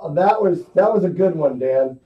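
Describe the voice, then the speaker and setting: A man's voice: on the high side, animated, normal speed. A man co-hosting an online radio show in casual chat, rambling and hesitant, laughing easily. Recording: distant lo-fi webcast audio.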